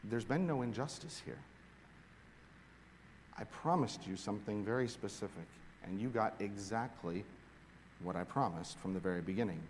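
A man's voice: fairly low pitch, normal speed, long pauses, slight background noise. Preaching man in an echoing hall. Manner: animated preaching, swinging from hushed to emphatic. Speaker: pastor. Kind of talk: sermon. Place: large hall with long reverb. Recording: echoey hall recording.

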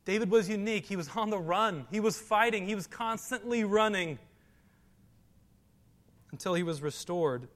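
A male pastor preaching, his voice rising and pressing hard on the scripture he reads aloud. His voice sits high for a man. The sound carries a long reverb, as if in a large hall. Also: normal speed, pauses often, fairly bright tone. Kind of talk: sermon.

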